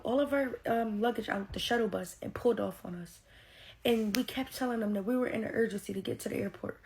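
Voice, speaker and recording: A woman telling a personal story casually, animated, often calling her viewers y'all. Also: a little high, creaky.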